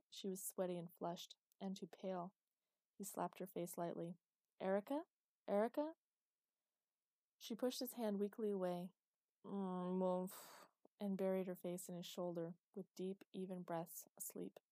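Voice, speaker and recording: A woman narrating an audiobook with steady, expressive storytelling. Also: on the low side, no room sound, clean studio sound.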